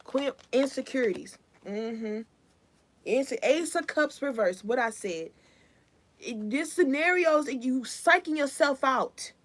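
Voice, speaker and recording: A woman's voice: sits high, animated, measured pace. A young woman giving a live collective tarot reading in a casual, rambling, slangy way. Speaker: tarot reader.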